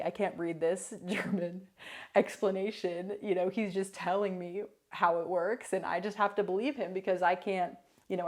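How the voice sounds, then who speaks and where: A young woman talking casually to the camera in her vlog, chatty and full of asides. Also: medium pitch. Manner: chatty, many fillers and asides. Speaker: vlogger. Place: new apartment.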